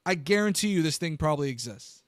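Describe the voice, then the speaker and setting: A man hosting a live political commentary stream, animated and incredulous, talking straight to his viewers. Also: fairly high pitch, quick pace, dry recording, studio quality.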